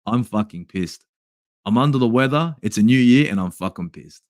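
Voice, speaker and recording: An Australian man ranting angrily as a fan channel host, swearing often and swinging between shouts and low mutters while he reviews a match and answers live chat. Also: animated, moderate pace, no echo, clean studio sound.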